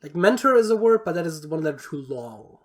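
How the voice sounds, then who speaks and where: Podcast cohost rambling thru word guesses, mid pitch, lots of ums n swearing. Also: very animated, fairly quick. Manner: thinks aloud, muttering through word guesses; rambling, with many fillers and casual swearing. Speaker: podcast co-host. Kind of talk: casual chat.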